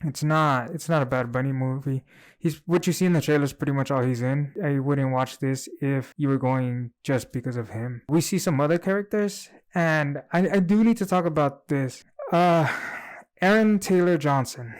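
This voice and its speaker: A man co-hosting a casual movie review chat, giving his opinions in a relaxed, rambling way. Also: on the high side, normal speed.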